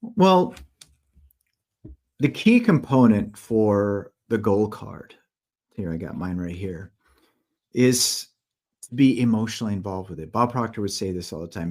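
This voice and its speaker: Casting: low-pitched male interview guest, earnest storyteller, repeats himself as he goes. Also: expressive, unhurried, long pauses, darkish tone. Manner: earnest, repeats words, acts out quotes.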